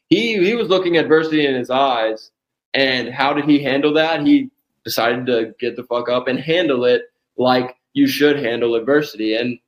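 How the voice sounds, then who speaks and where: A man co-hosting a podcast, chatting casually and rambling as he searches for words. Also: mid-range voice. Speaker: podcast co-host. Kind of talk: casual chat.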